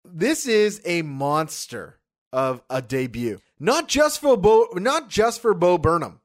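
Film review co-host, very lively pitch swings, emphatic and profane. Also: slow. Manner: animated, emphatic, swears freely. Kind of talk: casual film review chat.

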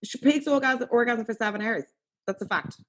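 A woman comedian on a video call, teasing the other panelists in a blunt, quick storytelling way. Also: fairly high pitch.

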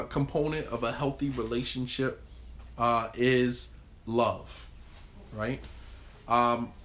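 Man, workshop leader, conversational, acts out dialogue, mid-pitched voice. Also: a bit bright. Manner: conversational, acts out quoted lines. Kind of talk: group discussion talk.

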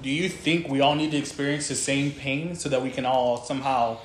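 A man's voice: medium pitch, steady tone, a little fast. A man hosting a casual chat, asking long winding questions full of fillers. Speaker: host. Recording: roomy echo with faint background noise.

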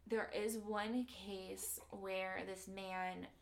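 A chatty woman hosting a podcast, retelling a true story in a loose, conversational way full of fillers. Her voice carries a gravelly vocal fry at a middle pitch. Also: flat delivery, very slow. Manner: chatty, many fillers and likes. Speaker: podcast host. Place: podcast studio.

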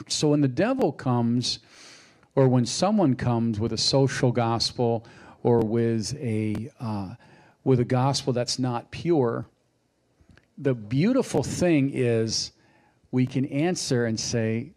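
Slow, reflective male preacher. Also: mid-range voice. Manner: unhurried, reflective, with lively acted quotes. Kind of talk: sermon.

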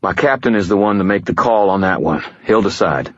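Audiobook figure: rattled young male cop, husky and tense, male narrator putting him on, dry lo-fi sound. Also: deep voice, expressive, fairly quick, no room sound, pitched above the performer's own voice. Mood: frightened. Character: frightened young male police officer, shaken. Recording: dull lo-fi dry recording.

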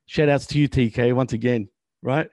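A man's voice: medium pitch, fairly even intonation, normal speed, a little mellow, no room sound, studio quality. A man co-hosting a casual wrestling chat, ranting and swearing in exasperation. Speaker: podcast co-host.

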